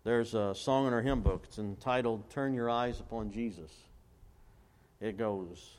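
Man preaching with call-and-response questions. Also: on the low side. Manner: quotes scripture and recites hymn lyrics slowly. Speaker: pastor. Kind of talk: sermon.

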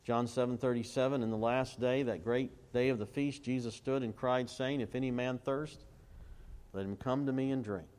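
This pastor's mid-range voice is clear, resonant, and darkish, with fairly even intonation. During his sermon he quotes scripture, slowly recites hymn lyrics, and repeatedly asks the congregation to complete his phrases.

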